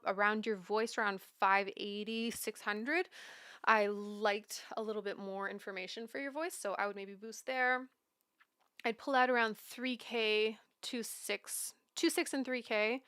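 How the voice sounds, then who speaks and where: A woman's voice: mid-range voice, pushed and bright, clear, resonant tone, no echo, studio quality. A young woman, a mixing engineer from Canada, gives casual, chatty feedback on a listener's track, full of "like" fillers and asides to herself. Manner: chatty, many "like" fillers, talks to herself while working. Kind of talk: live mix critique, casual instruction. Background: track playing in the session.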